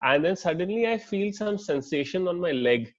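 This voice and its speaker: A man's voice: sits high, expressive, moderate pace. A young man in a casual podcast chat who talks reflectively and keeps checking in with "right?" and "okay?". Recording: dull lo-fi sound.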